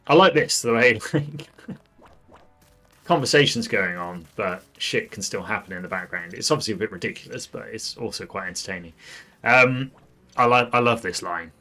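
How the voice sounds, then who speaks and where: A streamer gives chatty, wry commentary over his gameplay and talks back to the game's characters. His voice is fairly low yet bright in tone. Faint game music plays behind him. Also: brisk.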